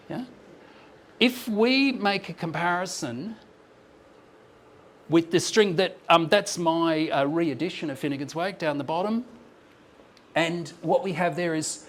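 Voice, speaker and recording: A man's voice: fairly high pitch, lively intonation, measured pace, long pauses, slight background noise. A man presenting an academic paper in a lecture room, explaining his points thoughtfully with frequent ums and restarts. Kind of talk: academic conference talk. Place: lecture room with slides on a screen.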